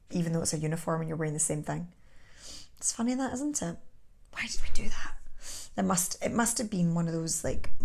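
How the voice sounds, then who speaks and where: Woman, mid-pitched, chatty vlog host who rambles and laughs a lot. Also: darkish tone. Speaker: vlogger host. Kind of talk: casual chat to camera.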